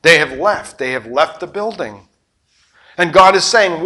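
A middle-aged pastor preaching with a high, bright voice that leaps all over its range. He tells the story dramatically, swinging from loud outbursts to hushed asides. His tone is sharp and forceful. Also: a little slow. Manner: animated storytelling, acting out voices and sound effects; swings between loud exclamations and quiet asides. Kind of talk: sermon.

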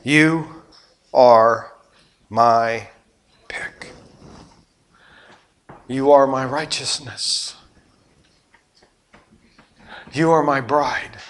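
A man voicing a gentle divine figure who speaks softly and slowly to the faithful. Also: mid-range voice. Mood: tender. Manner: soft, slow, solemn.

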